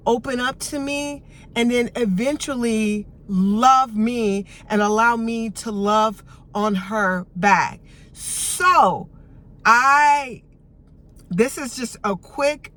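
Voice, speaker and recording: A middle-aged woman talking as a behavioral health coach in a self-help vlog, guiding listeners gently and soothingly. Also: a little high. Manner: gentle, soothing, unhurried guidance.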